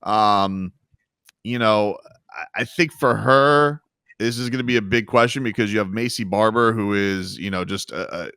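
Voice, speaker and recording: A man's voice: fairly low pitch, normal speed, pushed and bright, clean tone, no echo, clean studio sound. A man co-hosting a sports podcast, talking loosely with lots of fillers and restarts. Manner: rambling, many restarts and fillers. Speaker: MMA podcast co-host. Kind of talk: casual sports talk.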